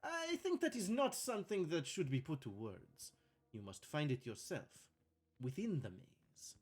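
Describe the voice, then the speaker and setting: A man's voice: fairly high pitch, sing-song, measured pace, slightly rough, full character voice. A flamboyant hotel host with a thick, put-on Italian accent, voiced by a man. He speaks in grand, mysterious pronouncements. His voice climbs and swoops expressively. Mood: grandiose. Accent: fake Italian. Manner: theatrical, florid pronouncements.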